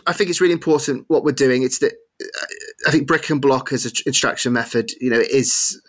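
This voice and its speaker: A man as a podcast guest, talking earnestly and haltingly, often restarting his sentences. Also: medium pitch. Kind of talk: casual interview chat.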